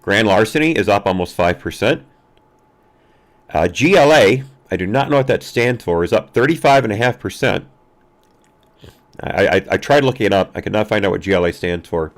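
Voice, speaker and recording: A man's voice: on the low side, animated. A man hosting a live-streamed news commentary show, talking casually with frequent fillers and restarts. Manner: halting, many fillers and restarts.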